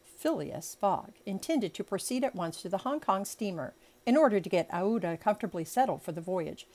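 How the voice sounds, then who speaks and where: A woman's voice: medium pitch, expressive, normal speed, a little mellow. Chatty woman reading an audiobook. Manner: chatty asides and stumbles over words. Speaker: audiobook reader. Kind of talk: amateur audiobook narration.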